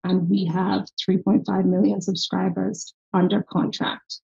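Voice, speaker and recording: A woman with a softened Irish accent, a health tech founder talking as a guest on an interview podcast, telling stories in an animated way. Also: medium pitch, a little slow, gravelly, lo-fi sound. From Ireland. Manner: animated storytelling, acts out quoted dialogue. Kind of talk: casual interview chat.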